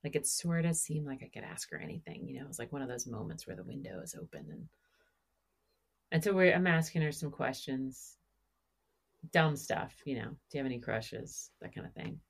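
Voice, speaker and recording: Middle-aged woman podcast host, low voice, lively anecdote-telling. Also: fairly quick, gravelly, husky. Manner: animated storyteller, acts out quoted dialogue. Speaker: podcast host asking questions. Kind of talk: casual conversation.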